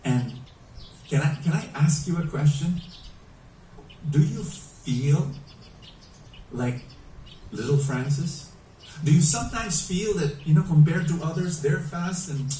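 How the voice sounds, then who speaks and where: A man preaching a sermon in an animated, emphatic way, asking his listeners many rhetorical questions. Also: on the high side, slow pace, long pauses, a little hiss or hum. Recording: echoey room, mic at a distance.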